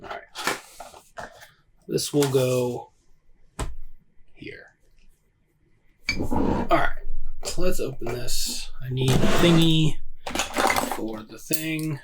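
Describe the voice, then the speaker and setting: A man's voice: medium pitch, very slow, pauses often, noisy background. A man hosting a casual solo whisky review, rambling and hesitant with plenty of fillers and self-deprecating asides.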